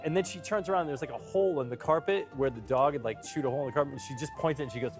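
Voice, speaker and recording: A man's voice: fairly high pitch, lively intonation, fast talker, soft background music. A man telling a casual interview anecdote, laughing and acting out dialogue. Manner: laughing storyteller, acts out dialogue. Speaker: interview guest.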